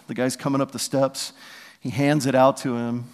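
A man's voice: mid-range voice, flat delivery, normal speed. Preaching man in a reverberant hall. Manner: conversational storytelling, acting out quotes. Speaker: pastor. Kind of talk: sermon. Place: church sanctuary. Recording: long reverb of a large hall.

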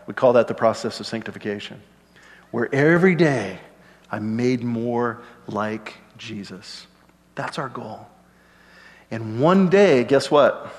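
A middle-aged man preaching a sermon in a relaxed, conversational way, dropping joking asides to the congregation. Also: medium pitch, a little slow, in a large hall. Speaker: pastor.

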